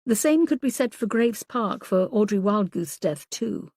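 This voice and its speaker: A woman's voice: mid-range voice, animated, darkish tone, no room sound, clean studio sound. Woman reading as a methodical male pathologist. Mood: measured. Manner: measured, explanatory.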